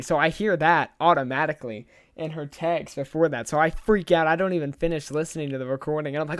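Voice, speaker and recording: Young male podcast co-host, mid-pitched, smooth dry voice, chatty and giggly. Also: fairly even intonation, fast talker, hardly any pauses, no echo. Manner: rambling, laughs through his story. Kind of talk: casual podcast chat.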